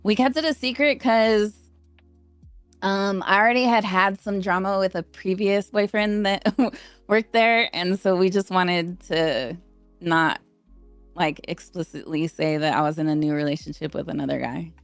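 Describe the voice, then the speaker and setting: A woman's voice: lowish voice, fairly even intonation, unhurried, dry recording, soft background music. A woman in her thirties, a podcast guest rambling through stories in casual chat. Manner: chatty, rambling storyteller.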